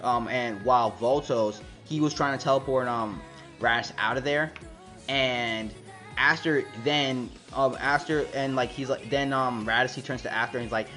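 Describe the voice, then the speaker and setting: A man's voice: mid-range voice, normal speed, bright, forceful tone, faint music behind. Rambling man recapping a comic chapter. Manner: rambling, many fillers and restarts. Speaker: manga reviewer.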